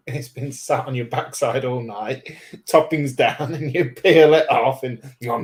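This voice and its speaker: A man's voice: mid-range voice, measured pace. A man co-hosting a casual livestream, trading cheeky jokes and banter. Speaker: livestream co-host. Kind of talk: casual chat.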